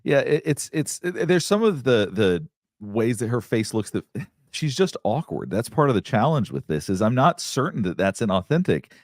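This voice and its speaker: A man's voice: medium pitch, very animated, moderate pace, darkish tone, dry recording, studio quality. A man guest weighing a case thoughtfully, often restarting his sentences. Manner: thoughtful, hesitant, many restarts. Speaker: behavior expert guest. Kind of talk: analytical panel discussion.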